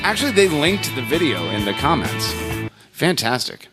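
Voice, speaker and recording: A man hosts a loose, joking podcast and reads listener posts out loud, breaking off for asides. His voice swings up and down a lot and sits a touch high for a man. Music plays behind him. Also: very animated, normal speed. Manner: joking, sings mock lyrics, reads aloud with asides. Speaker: podcast host. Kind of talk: casual chat, reading listener posts.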